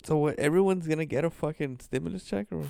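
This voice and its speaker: Raspy, slightly high-voiced young man chatting. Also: fast talker, dark tone. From Los Angeles. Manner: laid-back, profane banter. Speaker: podcast co-host. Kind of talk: casual chat.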